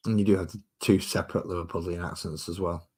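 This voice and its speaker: A man with a slightly low voice and a Manchester accent, talking in a loose, rambling way. He chats easily to his stream audience as he works through a painting session. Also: level tone, fast, a little mellow, slightly rough. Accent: Mancunian. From Manchester, England. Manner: rambling and chatty while working. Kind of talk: casual live-stream chat.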